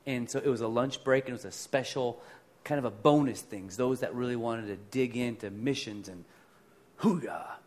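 A male pastor preaching in a relaxed, conversational way, built around personal stories. His delivery is animated, jumping from loud emphatic bursts to soft, low asides. His voice sits at an ordinary middle pitch for a man. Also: moderate pace. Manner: animated, swings between loud and quiet.

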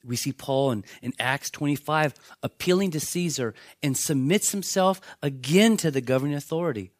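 Animated male preacher, slightly high voice. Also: normal speed, dry recording, studio quality. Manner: animated storytelling, acts out voices of biblical characters. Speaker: pastor. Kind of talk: sermon.

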